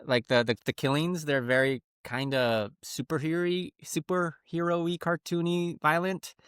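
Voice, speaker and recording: A middle-aged man on a casual comedy podcast, talking in a lightly raised register. He tells family stories with lively energy and jumps into a higher kid voice to quote his son. The sound is dry and close, with no room in it. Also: a little slow, smooth, no room sound. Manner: animated storyteller, acts out his son in a higher voice. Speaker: podcast co-host.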